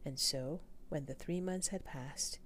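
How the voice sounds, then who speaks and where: Slow whispering woman telling a fairy tale. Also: sits low, a bit bright, a little hiss or hum. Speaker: storyteller. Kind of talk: whispered storytelling.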